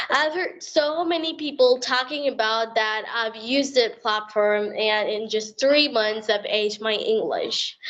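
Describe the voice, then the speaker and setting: A woman answering questions in a practice conversation, talking in a halting way with many fillers and restarts. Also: fairly high pitch, a bit bright. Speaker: interviewee. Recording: dull lo-fi recording.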